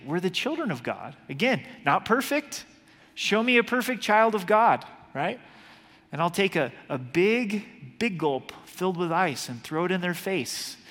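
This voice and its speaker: A man's voice: high voice, fairly bright tone, big-room sound. A man preaching a sermon as pastor, earnest and urgent, often restarting his words. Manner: earnest, urgent preaching with repeated word starts.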